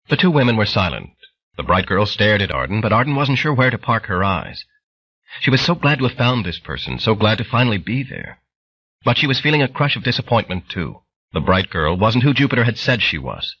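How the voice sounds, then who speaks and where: A man's voice: lowish voice, sing-song, brisk, husky, dull audio. A man narrating an audiobook in dramatic storytelling fashion. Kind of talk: scripted narration.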